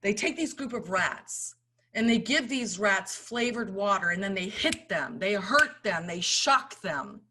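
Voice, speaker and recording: A middle-aged woman giving an impassioned motivational talk, swinging between loud urging and hushed storytelling. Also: medium pitch, animated, a little slow, a little hiss or hum. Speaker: summit speaker.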